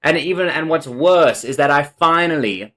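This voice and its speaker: A man's voice: fairly high pitch, moderate pace. A man giving casual gameplay commentary, rambling and swearing freely, often venting. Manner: swears a lot, flips from calm rambling to angry outbursts. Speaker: gameplay streamer. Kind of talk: casual let's play commentary.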